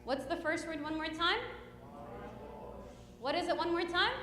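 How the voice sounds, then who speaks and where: Woman hymn teacher, slow, in echoey hall. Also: very high-pitched. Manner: patient, coaxing questions. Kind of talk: teaching a children's hymn class. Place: church hall. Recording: echoey hall with long reverb.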